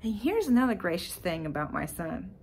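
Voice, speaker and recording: A woman hosting her own podcast, telling a personal faith story in an animated, emotional way and talking straight to her listeners. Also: fairly low pitch, fairly quick, vocal fry, breathy edge. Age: adult parent. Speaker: podcast host.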